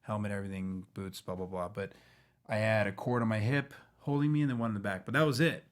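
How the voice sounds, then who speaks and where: A man, a guest actor on a fan talk show, chatting casually and telling animated stories with playful impressions. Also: fairly low pitch, quick pace. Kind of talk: casual chat.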